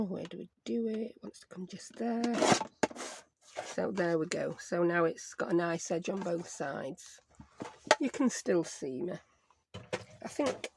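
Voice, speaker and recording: A woman's voice: mid-range voice, creaky, background noise. This is a woman talking viewers through a crafting project. She is chatty and self-mocking, muttering asides to herself as she works. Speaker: crafting YouTuber. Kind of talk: casual craft tutorial.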